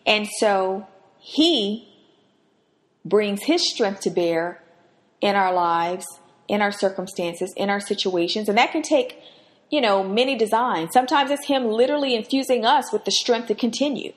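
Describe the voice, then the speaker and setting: A woman's voice: medium pitch, unhurried. Earnest woman giving a devotional teaching. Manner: earnest, emphatic, rises sharply when acting out quotes. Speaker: podcast host and Bible teacher.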